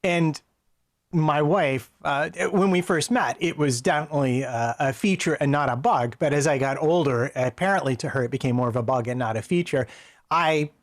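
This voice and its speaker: A man chatting casually from home, with a measured, wry sense of humor. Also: fairly high pitch, no room sound, studio quality. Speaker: podcast co-host. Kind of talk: casual chat.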